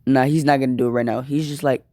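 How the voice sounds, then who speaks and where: A man's voice: medium pitch, fairly even intonation, fast talker, darkish tone, no echo, clean studio sound. A young man casually improvising a fan-fiction story, slangy and rambling, often repeating words.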